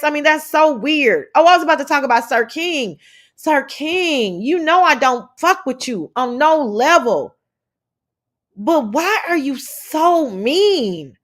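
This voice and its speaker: Woman livestream host, higher-pitched, animated, swears casually, reads out chat. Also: moderate pace. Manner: animated, blunt, swears freely, drawls "child" and "y'all". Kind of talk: casual live commentary, reading chat.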